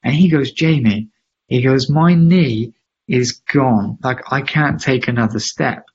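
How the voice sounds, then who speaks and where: A man, a podcast guest, telling a story with lively emphasis and acting out the voices of people he quotes. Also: mid-range voice, a little slow, slightly rough, dull audio. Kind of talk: animated storytelling in a podcast interview.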